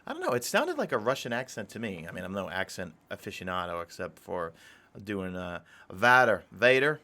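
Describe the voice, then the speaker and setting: A man's voice: low voice, very animated, fairly quick, fairly bright tone. A young adult man streaming a game live, chatting casually in a rambling way and greeting viewers from chat. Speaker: gaming streamer.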